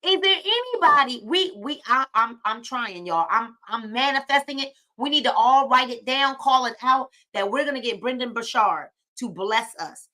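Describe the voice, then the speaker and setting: Woman, book club host on a live stream, high bright voice, preachy and repetitive. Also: expressive, normal speed, few pauses. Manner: preachy, encouraging, repeats phrases.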